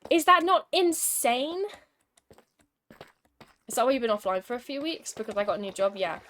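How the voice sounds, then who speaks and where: A woman's voice: mid-range voice, rapid-fire, slight background noise. A young woman streaming a game, chatting casually and telling an exasperated, wry story between moves. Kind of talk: casual gaming commentary with storytelling.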